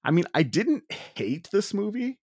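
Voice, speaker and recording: A man's voice: sits high, very animated, a little mellow, slightly rough, no room sound, clean studio sound. A man co-hosting a casual movie review podcast, talking candidly with frequent restarts. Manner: halting, lots of restarts and fillers, candid. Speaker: podcast co-host.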